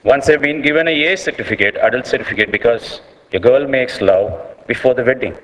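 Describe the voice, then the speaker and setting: An earnest man with an Indian English accent addresses a panel, his sentences stopping and restarting around a steady "like". His voice sits at an ordinary middle pitch. A long reverb from a large conference hall trails each phrase. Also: brisk, a little hiss or hum. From South India. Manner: earnest, repeats words and restarts often, leans on "like". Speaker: filmmaker speaking at a panel session. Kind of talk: unscripted public speech.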